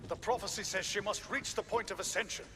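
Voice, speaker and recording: A man's voice: high voice, quick pace, faint music behind. A man voicing a smug, sarcastic narrator who mocks the player. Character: sarcastic male game narrator, arrogant. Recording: game audio under loud noise.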